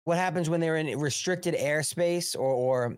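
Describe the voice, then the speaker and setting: Rambling profane American live-stream host. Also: male voice, fairly high pitch, normal speed, clean tone, no room sound, clean studio sound. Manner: rambling and profane, reads news aloud and breaks off to chat. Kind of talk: casual live-stream commentary.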